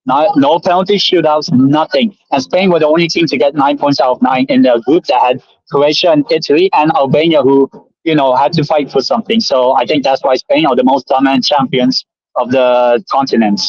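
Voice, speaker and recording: A man's voice: medium pitch, fairly quick, dry recording, muffled recording. A man laying out his argument point by point in a casual online football debate. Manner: steady, methodical listing of points. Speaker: panelist.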